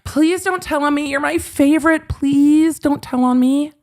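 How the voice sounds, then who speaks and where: A woman's voice: high-pitched, a little slow, a little mellow, voice pushed up. A woman putting on a whiny male lawyer who begs a judge to go easy on him. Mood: pleading. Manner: whining, wheedling.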